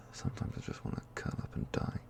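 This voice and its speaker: A man doing whispered ASMR outtakes on a close microphone, self-deprecating and giggly, slipping between whispers and normal speech. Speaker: ASMR storyteller.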